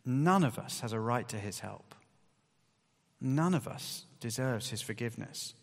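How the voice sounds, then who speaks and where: A man's voice: mid-range voice, animated, unhurried, creaky. Man preaching in a reverberant hall. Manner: conversational, emphatic, with rising bursts of stress. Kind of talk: sermon.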